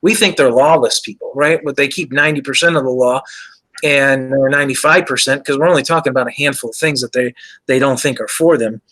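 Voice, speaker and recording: A man's voice: medium pitch, brisk, fairly bright tone, rough recording. A man hosting a show, earnestly explaining his religious views in casual conversation, with frequent "you know" fillers. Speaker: show host. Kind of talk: casual faith discussion.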